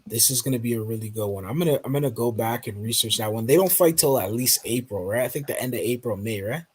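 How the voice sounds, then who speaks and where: A man's voice: medium pitch, quick pace, breathy edge. A man on a casual podcast panel, talking in a laid-back way and saying "bro" and "man" a lot.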